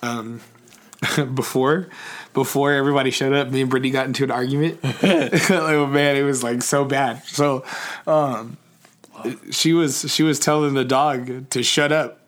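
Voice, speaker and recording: A young man talking loosely to the camera, stacking ums and likes and restarting sentences as he goes. He swears freely and easily. His voice sits at an ordinary, middling pitch. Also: fairly even intonation, measured pace. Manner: rambling, swears freely, many fillers and restarts. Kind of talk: casual personal vlog chat.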